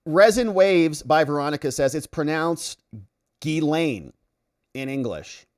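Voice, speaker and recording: A man's voice: a little high, expressive, a little slow. A man hosting a casual livestream, reading out viewer comments and reacting to them. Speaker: livestream host.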